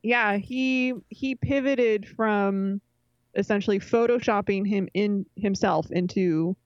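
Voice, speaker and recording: A woman's voice: mid-range voice, takes it slowly, a little mellow, dry recording. A chatty, opinionated woman co-hosting a podcast, who laughs often as she talks. Her voice is recorded very dry, and the sound is slightly muffled. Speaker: podcast co-host. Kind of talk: casual chat.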